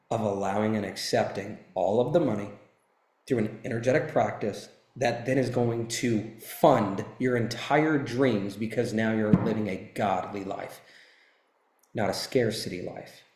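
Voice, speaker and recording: He's a man in his thirties whose lowish, slightly mellow voice echoes around the room. As a motivational speaker, he tells a personal story with intensity and emphasis, cursing without restraint.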